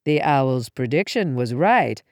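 A woman narrating a first-person suspense story in a hushed, tense storytelling manner. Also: a bass voice, expressive, unhurried, no room sound, studio quality. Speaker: audiobook narrator.

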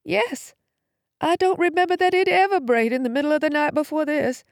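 A woman's voice: high-pitched, lively intonation, a little fast, no echo, studio quality, voice pushed up. A woman reading a storybook voices a frightened, devout middle-aged mother with a quavery, anxious voice. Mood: earnest. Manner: anxious, pleading.

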